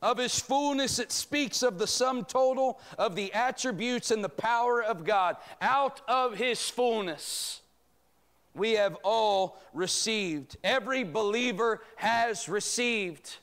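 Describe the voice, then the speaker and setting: Slow and high, the pastor's voice is a bit bright, clear and resonant. In a church Bible study he preaches emphatically, using rhetoric that draws amens from the congregation, recorded in the church sanctuary.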